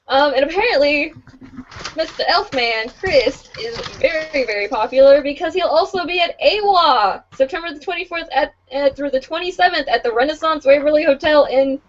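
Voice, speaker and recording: A woman's voice: high voice, moderate pace, slight background noise. A young woman co-hosting a casual podcast, reading out listings, stumbling over names and swearing with a laugh. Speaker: podcast co-host. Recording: dull lo-fi podcast audio.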